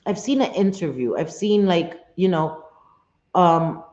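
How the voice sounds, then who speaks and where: A woman's voice: on the low side, expressive, measured pace, a little mellow. A middle-aged woman hosting a casual livestream chat, talking freely, swearing and chuckling as she answers her viewers at home. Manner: chatty, swearing, laughing often, reads chat aloud. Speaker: livestream host. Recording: roomy, dull lo-fi stream audio.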